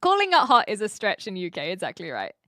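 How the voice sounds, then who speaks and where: A woman's voice: mid-range voice, huge pitch swings, fast talker, pushed and bright, no echo, clean studio sound. A woman from New Zealand chatting casually with viewers as a streamer, restarting her words often as she talks. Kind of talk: casual chat answering viewers.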